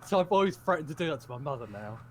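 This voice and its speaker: A man's voice: fairly high pitch, animated, rapid-fire. Man, casual storyteller, rambling and giggly; faint hum behind. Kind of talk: casual chat.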